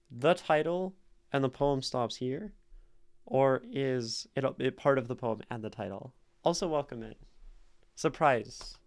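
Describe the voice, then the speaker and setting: Slow, deliberate male streamer reading poetry. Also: mid-range voice. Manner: recites poems, then explains meter and taps out stress beats.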